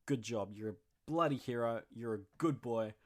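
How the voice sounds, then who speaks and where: A young man hosting a podcast, chatting casually in an excitable, slangy and jokey way. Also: medium pitch, moderate pace. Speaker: podcast host.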